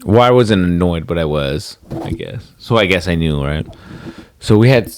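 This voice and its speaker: A man's voice: sits low, lively intonation, moderate pace, a little hiss or hum. A man co-hosting a podcast in casual chat, telling rambling stories with swearing and acted-out quotes. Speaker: podcast co-host.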